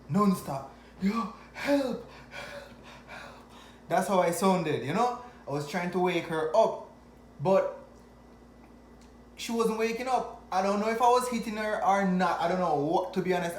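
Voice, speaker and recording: A man from Jamaica with a Jamaican accent, telling a personal story to camera in an animated way, often chuckling. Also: high voice, slight background noise. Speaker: vlogger. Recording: echoey room.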